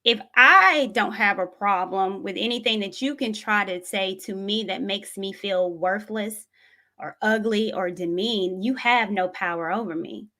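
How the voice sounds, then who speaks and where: A woman's voice: mid-range voice, a little slow, sharp tone. A woman from Tennessee, telling a personal story in an earnest, reflective way as a vlogger. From Tennessee, USA.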